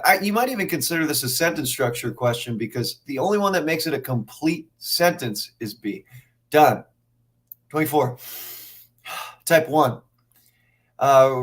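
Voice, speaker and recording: A man teaching a live online test prep class, thinking out loud through questions with energetic asides to his viewers. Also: medium pitch.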